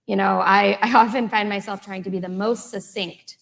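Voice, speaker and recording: Panelist, woman, mid-pitched, earnest, lots of ums. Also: steady tone, moderate pace, vocal fry, fairly bright tone. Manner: earnest, many fillers. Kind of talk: live panel discussion. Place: event hall with audience.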